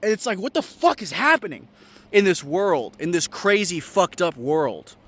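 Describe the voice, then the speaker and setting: A young male vlogger with a slightly high voice launches into a casual, comedic rant at normal speed. He curses frequently and comes across as animated and incredulous.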